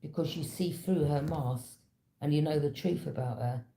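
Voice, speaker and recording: Speaking at a moderate pace in a warm, low-pitched voice, a tarot reader tells her reading like a casual, conversational story, knowing and direct. The echoey room carries a little hiss or hum.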